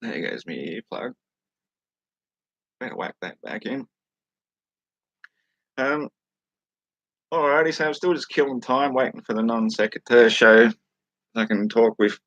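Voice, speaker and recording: An Australian man hosting a livestream, chatting casually with a relaxed chuckle and reading passages aloud from a book. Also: mid-range voice, no echo, muffled recording. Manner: laid-back, chuckling, unhurried. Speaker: livestream host. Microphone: studio microphone.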